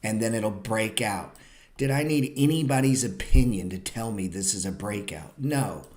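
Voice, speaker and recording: A man's voice: fairly low pitch, animated, normal speed, darkish tone. A man hosting a live-streamed trading class, talking bluntly, swearing freely and lecturing with a sarcastic edge. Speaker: trading educator and show host.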